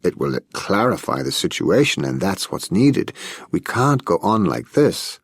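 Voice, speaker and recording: A man's voice: low-pitched, big pitch swings, measured pace, vocal fry, husky, no room sound, studio quality, exaggerated voice. A man reading an audiobook voices a talkative, self-assured male party economist who lectures with confidence. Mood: lecturing.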